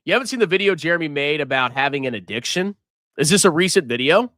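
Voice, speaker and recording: An American man hosts a live finance stream, reading viewer messages and mocking them with frequent laughter in a teasing way. His voice is a little high, expressive, bright, and forceful, and he talks fast. The sound is studio quality with no room sound.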